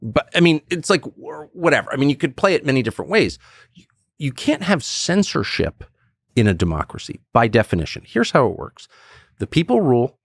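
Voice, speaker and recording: Emphatic middle-aged man, gravelly voice. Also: medium pitch, very animated, a little fast, no room sound, studio quality. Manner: emphatic, acts out quoted voices; blunt, swears. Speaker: political commentator. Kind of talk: animated podcast conversation.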